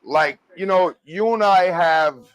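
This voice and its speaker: A man who is a former pro wrestler, a guest on a casual podcast, telling stories slowly, repeating himself and swearing freely. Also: high-pitched, clean tone. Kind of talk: casual storytelling chat.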